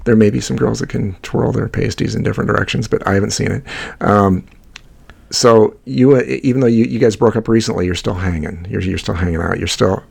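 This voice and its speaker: A man from Iowa hosts a casual conversation, speaking haltingly and wryly while he hunts for his words. His voice is low and gravelly with plenty of vocal fry. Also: steady tone. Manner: halting, many fillers and restarts, wry. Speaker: podcast host. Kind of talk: casual chat.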